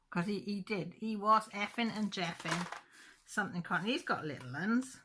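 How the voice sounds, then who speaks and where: A woman's voice: medium pitch, moderate pace, sharp tone, a little hiss or hum. Chatty woman telling a story. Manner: chatty storytelling, mild cussing, laughs easily. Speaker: craft channel host. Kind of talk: casual chat.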